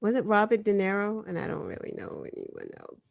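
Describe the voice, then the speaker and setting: A woman with a Boston accent co-hosting an online news talk show, animated and laughing often. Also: medium pitch, brisk, vocal fry. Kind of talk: casual chat.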